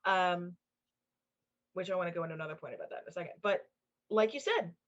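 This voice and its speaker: A woman co-hosting a casual podcast chat, talking in an animated, emphatic way and swearing casually. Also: lowish voice, fast talker. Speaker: co-host, intuitive channeler. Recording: dull lo-fi sound.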